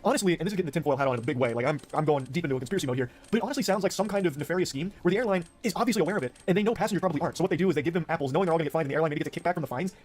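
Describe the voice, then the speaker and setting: A man's voice: a little high, a little mellow. A man hosting a reaction video, reacting with jokey outrage, lots of swearing and tangents. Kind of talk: casual reaction commentary.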